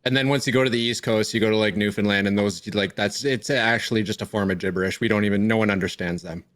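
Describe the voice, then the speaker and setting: A young man from Northern Ontario in Canada who hosts a casual podcast, upbeat and quick to laugh, repeating his catchphrases. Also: fairly low pitch, fairly even intonation, fairly bright tone. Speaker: podcast host.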